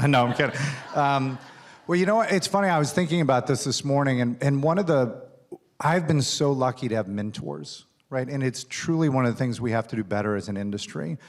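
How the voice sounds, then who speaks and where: A studio executive, the keynote guest on a conference stage, spins a long, self-deprecating career anecdote in chatty onstage conversation full of fillers. His voice sits in the mid range, and he talks fairly quickly.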